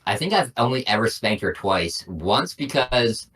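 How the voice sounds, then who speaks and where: A man's voice: mid-range voice, big pitch swings, normal speed, fairly bright tone, far from the mic. A young man co-hosting a casual podcast, telling long stories with lots of "I'm like.". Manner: rambling storyteller, lots of "I'm like". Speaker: podcast co-host. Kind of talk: casual chat.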